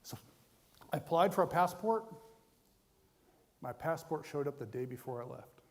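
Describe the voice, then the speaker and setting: A man's voice: fairly high pitch, expressive, moderate pace. A man telling a personal testimony to students in a conversational, self-deprecating way, in a large chapel hall. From United States. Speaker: guest speaker. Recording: long hall reverb.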